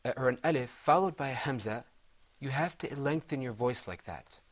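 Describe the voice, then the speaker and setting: A man's voice: medium pitch, expressive, moderate pace. A middle-aged man teaching Quran recitation in a televised lesson, patiently explaining step by step and chanting Arabic examples.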